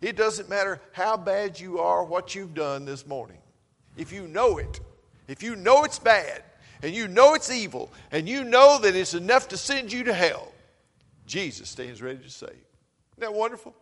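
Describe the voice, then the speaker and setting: A man preaching a sermon, swinging between loud, urgent calls and low, quiet passages. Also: very animated, normal speed, in a large hall.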